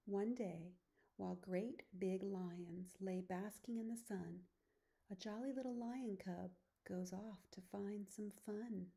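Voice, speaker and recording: A woman teacher reading a children's picture book aloud, soft and often hushed. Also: medium pitch, slow, gravelly.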